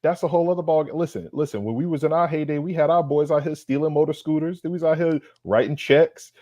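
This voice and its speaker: Fairly high-pitched yet mellow, this man talks at a quick pace over a dry recording with clean studio sound. On the sports podcast he co-hosts, he goes on a fiery, foul-mouthed roast, stacking street slang and repeating lines to emphasize them.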